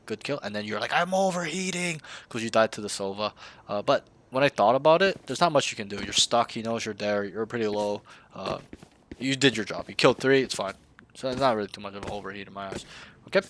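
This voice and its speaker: A man's voice: fairly low pitch, fast, fairly bright tone, slight background noise. A man coaching a player in a casual game review, blunt and slangy, often swearing.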